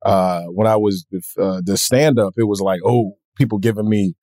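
A man being interviewed, telling stories in a relaxed, lively way and acting out other people's voices. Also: fairly low pitch, moderate pace, dry recording, studio quality. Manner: animated, acts out voices in his stories. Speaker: comedian guest. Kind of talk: casual interview storytelling.

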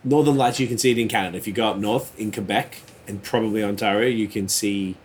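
A man's voice: lowish voice, steady tone, fast, slight background noise. A man, a podcast co-host in crude, joking casual chat.

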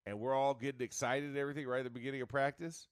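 A man co-hosting a casual sports chat, excitable, laughing often and tripping over his words. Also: mid-range voice, very fast, clear, resonant tone, no echo, clean studio sound. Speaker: co-host.

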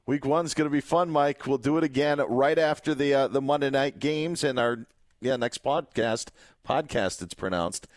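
A man's voice: mid-range voice, normal speed, dry recording, clean studio sound. A man from Wisconsin co-hosting a casual sports podcast, joking and wrapping up the show. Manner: jokey, wraps up the show. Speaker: podcast co-host.

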